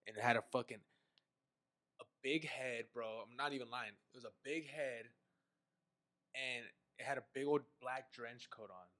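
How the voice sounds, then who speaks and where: A man's voice: medium pitch, steady tone, moderate pace, long pauses, fairly bright tone, no room sound. A young man hosting a podcast, telling a childhood story in casual chat, with a lot of slang and swearing. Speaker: podcast host.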